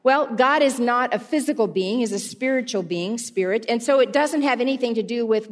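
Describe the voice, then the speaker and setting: A woman with a somewhat high voice preaching a sermon, unhurried and explanatory. Her voice carries a long reverb from a large church hall, heard through its sound system. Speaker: pastor's wife, guest preacher.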